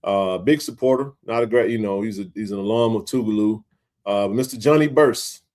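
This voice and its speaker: A man's voice: fairly low pitch, brisk. Joking man in his forties hosting. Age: 40s. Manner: joking, animated, talks to chat readers. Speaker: sports talk stream host. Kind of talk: casual live-stream chat.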